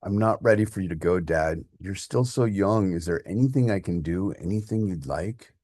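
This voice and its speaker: Grown son all raw and choked up, a guy reading it, husky low voice. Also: normal speed, a little mellow, no echo, clean studio sound. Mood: tender. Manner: raw, emotional, pleading. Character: grown son, grieving, angry then tender.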